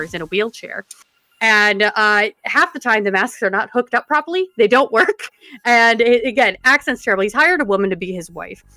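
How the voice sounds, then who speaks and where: A woman co-hosting a podcast, telling a story in an animated, casual way with fillers. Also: fairly high pitch. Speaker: podcast co-host.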